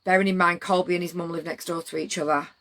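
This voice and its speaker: A woman's voice: lowish voice, level tone, fast, fairly bright tone. A middle-aged woman, telling a story to her livestream chat in a blunt, rambling way with plenty of swearing.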